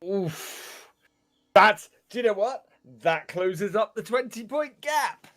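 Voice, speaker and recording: A man doing live esports commentary on a farming game, animated and quick to laugh. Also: sits high. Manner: animated, laughs often, drawn-out phrasing.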